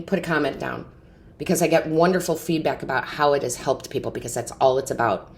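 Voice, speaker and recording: A woman with a notably low voice delivers an intuitive tarot reading to her viewers. She speaks with earnest, heartfelt feeling and keeps checking in with a quick "right?" or "okay?". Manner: earnest, emotional, often asks "right?" and "okay?". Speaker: tarot reader and medium.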